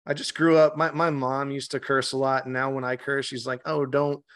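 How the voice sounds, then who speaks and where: A man's voice: medium pitch, little pitch movement, fairly quick, a bit bright, smooth. A man guesting on a podcast as a meditation guide, chatting casually, swearing freely and restarting his sentences often. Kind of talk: casual interview chat.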